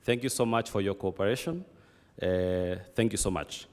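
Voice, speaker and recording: A man's voice: lowish voice, moderate pace, a little mellow. A man serving as master of ceremonies, closing a conference in a polite, formal way with frequent fillers. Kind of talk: formal event hosting. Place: conference hall. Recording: long hall reverb.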